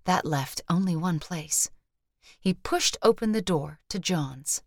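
A woman narrating an audiobook in measured, even storytelling. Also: lowish voice, dry recording, studio quality. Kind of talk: scripted narration.

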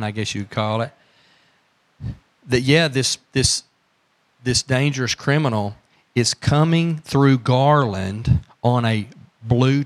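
A man, a pastor preaching in church, telling stories in a folksy way and asking his congregation questions. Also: medium pitch. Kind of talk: sermon.

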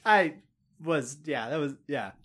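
Animated podcast co-host with a swinging voice. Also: medium pitch, takes it slowly. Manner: animated storyteller, swinging between soft murmurs and bursts of excitement. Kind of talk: casual chat.

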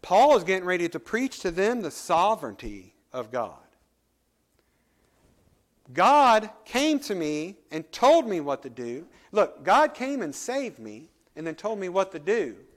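Male pastor, high-pitched, sermon delivery with scripture reading and emphatic explanation. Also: big pitch swings, measured pace. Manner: reads scripture aloud then explains it, rising and falling emphasis.

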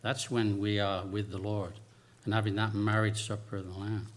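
A man's voice: on the low side, normal speed. Male preacher, chatty sermon delivery, jokes and asides mixed into the teaching. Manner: lively and conversational, with humorous asides.

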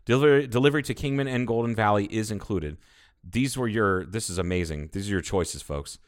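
His pitch fairly low and his pace a little fast, this co-host of a casual podcast rambles about baking with profane enthusiasm.

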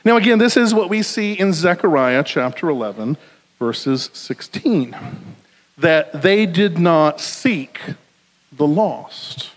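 A man preaching a sermon in a lively, conversational way, often checking in with "right?". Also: a little high, takes it slowly. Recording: long hall reverb.

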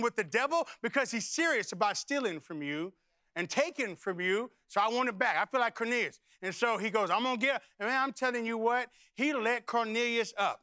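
A middle-aged man preaching a sermon, telling stories and building to loud, declaring calls. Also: sits high, expressive, fairly quick, clean tone, no room sound, studio quality. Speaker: pastor. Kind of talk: sermon with storytelling.

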